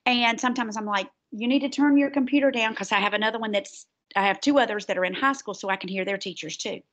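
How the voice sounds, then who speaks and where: A woman's voice: mid-range voice, fast, fairly bright tone, lo-fi sound. Southern woman co-host, school announcements, rambling easy chat. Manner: chatty, rambling, self-deprecating.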